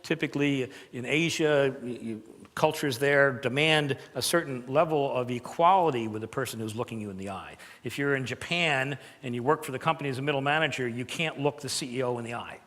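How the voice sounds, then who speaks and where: A man leads a live seminar on presentation skills, talking in an emphatic, conversational way and slipping in playful asides. His voice sits at a middle pitch for a man. It rings out with a long reverb, as in a large hall. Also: fairly quick, fairly bright tone.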